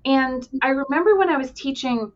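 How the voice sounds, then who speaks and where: A woman speaks with a high, animated voice. She tells classroom stories in a casual way. Her audio sounds dull and a little lo-fi. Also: moderate pace. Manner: animated, acts out quotes while telling classroom stories. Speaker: podcast guest, early-childhood educator. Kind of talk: casual conversation.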